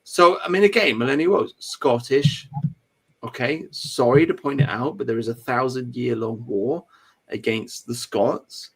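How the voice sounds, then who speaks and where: English man, mid-pitched, host of a live chat stream, emphatic and ranty, stumbles and restarts often. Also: measured pace, husky. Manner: emphatic, ranting, with repeated restarts. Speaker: livestream host. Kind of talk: casual political chat.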